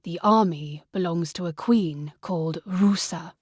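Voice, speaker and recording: Woman voicing a calm, practical young man. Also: fairly low pitch, unhurried, slightly rough, no echo, studio quality.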